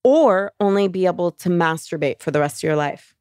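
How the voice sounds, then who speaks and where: A woman's voice: fairly low pitch, animated, brisk, a little mellow, clean tone, no echo, studio quality. A woman co-hosting a podcast, chatting playfully and teasing her guest. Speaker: podcast co-host. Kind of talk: casual podcast chat.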